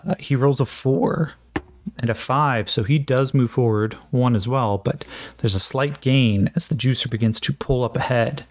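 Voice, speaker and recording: A man's voice: medium pitch, a little mellow, no room sound. A man narrating a solo tabletop game, thinking aloud with frequent fillers and joking at his own attempts at accents.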